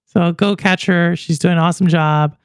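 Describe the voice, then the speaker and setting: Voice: medium pitch, fairly even intonation, moderate pace, clean tone, no room sound, clean studio sound. A podcast host in casual chat about gaming news, rambling and answering viewers in the live chat. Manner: chatty and rambling, many fillers and asides to chat viewers.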